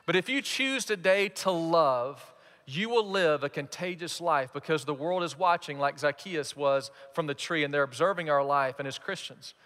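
A man preaching a sermon as pastor, animated and playing out quoted voices. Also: a little high, moderate pace. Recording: reverberant hall.

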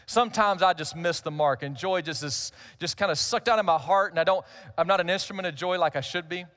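A man's voice: high voice, fairly quick, a bit bright. A middle-aged male pastor, telling a humorous personal story in a conversational sermon.

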